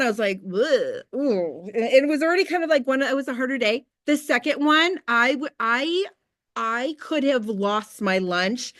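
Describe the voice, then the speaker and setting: A woman in her thirties talks to her team in a casual, motivational way, candid and full of quick asides. Her voice sits fairly high. The sound is close and dry, with no room around it. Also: fairly bright tone, no room sound. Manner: chatty and candid, with faith talk and quick asides. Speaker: team leader hosting a business call.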